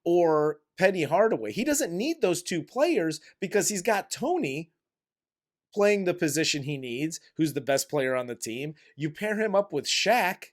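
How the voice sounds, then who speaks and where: A man co-hosting a movie review show in casual chat, animated and profane, acting out scenes from the film. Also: a little high, a little slow. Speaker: movie review podcast co-host.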